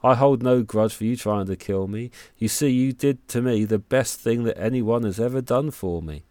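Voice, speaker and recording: A man's voice: mid-range voice, moderate pace, dark tone, no room sound, clean studio sound, lightly acted. A man voicing a sly, cheerful farmer who tricks his neighbours with boastful, persuasive tall tales.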